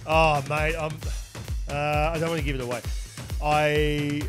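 A man's voice: fairly high pitch, steady tone, moderate pace, over music. A man with an Australian accent hosting a podcast interview, talking animatedly with a lot of restarts and fillers. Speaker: podcast host. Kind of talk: casual interview chat.

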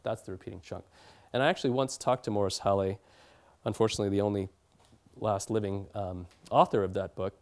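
A man's voice: on the low side, darkish tone. A man giving an academic lecture in a hall, explaining at length with fillers and restarts.

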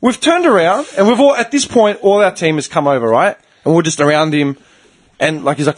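Brisk and fairly high-pitched, a male podcast host recounts a long story in casual chat. He's animated and swearing throughout, acting out the people he talks about.

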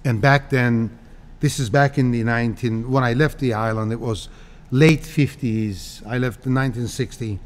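A man in his sixties from Cyprus, telling stories as a guest in a casual interview, animated and laughing often. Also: medium pitch, moderate pace. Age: 60s.

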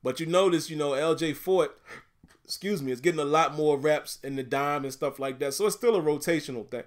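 A man's voice: on the high side, fairly quick. A man with a Southern US accent hosting a casual livestream, reading viewer comments aloud in a laid-back, chatty way and laughing often. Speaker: YouTube livestream host.

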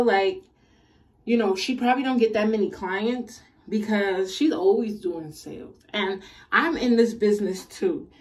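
A young woman vlogger telling a casual storytime in an animated, slangy, exasperated way. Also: medium pitch, far from the mic.

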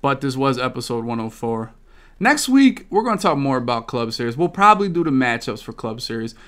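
A man's voice: mid-range voice, brisk, clear, resonant tone. A man hosting a gaming podcast, talking casually with a lot of swearing and rambling stories. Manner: profane, rambling, animated storytelling. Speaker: podcast host.

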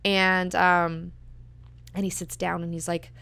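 A woman's voice: lowish voice, flat delivery, takes it slowly, vocal fry, bright, forceful tone, clear, resonant tone. A young woman hosting a book club, talking casually and filling her speech with "like" and "you know". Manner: chatty, lots of "like" and "you know".

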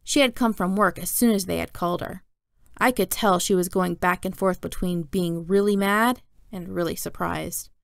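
A woman reading a children's novel aloud in a steady, plain narrating voice. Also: fairly low pitch, moderate pace, gravelly, no echo, clean studio sound. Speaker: storyteller.

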